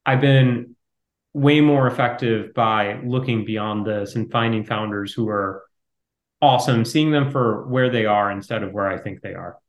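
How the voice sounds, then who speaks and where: A man answering interview questions as a startup investor, talking quickly and in a fairly flat way. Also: lowish voice. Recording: roomy echo.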